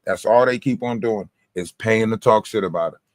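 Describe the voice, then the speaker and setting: Profane, animated male livestream host. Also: fairly low pitch, normal speed, dry recording. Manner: profane, animated storytelling with mimicked quotes. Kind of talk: casual livestream commentary.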